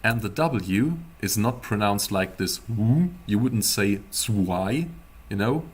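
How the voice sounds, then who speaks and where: A man teaching a beginner language class, explaining pronunciation slowly in a playful, teasing way. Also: on the low side, lively intonation, slightly rough. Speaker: German teacher.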